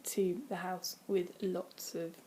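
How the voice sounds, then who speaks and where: A woman chatting casually from home in a vlog, rambling with many ums and dropping into quiet, breathy asides. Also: fairly low pitch, little pitch movement, slow pace, slight background noise. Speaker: vlogger. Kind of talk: casual weight-loss vlog. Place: indoors at home, by a window.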